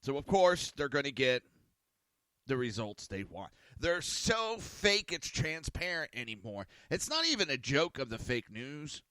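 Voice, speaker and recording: A man's voice: mid-range voice, very animated, unhurried, bright, forceful tone, clear, resonant tone, dry recording, clean studio sound. A man hosting a casual talk podcast, rambling and swearing in an exasperated tone. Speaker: podcast host. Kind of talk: casual ranting talk show.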